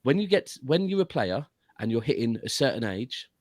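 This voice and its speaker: A man's voice: medium pitch, big pitch swings, moderate pace, no echo. A man as a guest pundit giving casual football analysis, explaining at length with frequent restarts. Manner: explanatory, long runs of reasoning with restarts.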